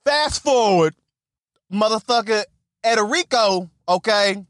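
High-voiced man ranting a movie recap. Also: unhurried, no echo, studio quality. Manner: animated, repetitive, swears constantly, stammers on restarts. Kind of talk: casual profane storytelling.

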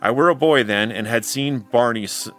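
Male narrator voicing a shrill, aged villager in a storybook reading, bright and raised. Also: normal speed, soft background music, natural voice. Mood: proud. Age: older. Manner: shrill, reminiscing. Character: shrill, very old village man.

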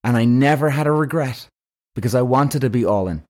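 A man, possibly, hosting his own podcast as a casual monologue, speaking bluntly with plenty of swearing and animated emphasis. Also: mid-range voice, brisk. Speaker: podcast host.

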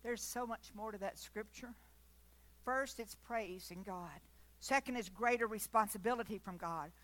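A woman's voice: mid-range voice, normal speed, a bit bright. A woman preaching a sermon, fervent, at times dropping to a near whisper.

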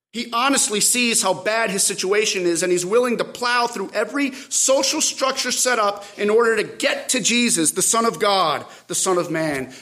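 Guy preaching, pretty high voice, big swings from loud to hushed. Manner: dynamic preaching, rising to cries and dropping to quiet asides. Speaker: pastor. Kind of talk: sermon.

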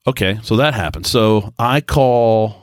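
A man hosting a podcast, telling a long casual story in a rambling, chatty way, full of restarts, easygoing and mellow. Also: fairly low pitch, unhurried, no room sound, studio quality. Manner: easygoing, self-described mellow. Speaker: podcast host. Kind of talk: casual monologue.

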